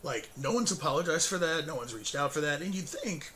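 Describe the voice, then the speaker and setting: A hoarse man hosting his own show, giving a casual, rambling spoken update with fillers, self-corrections and chuckles between sentences. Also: on the high side, animated, brisk, bright, forceful tone, slight background noise.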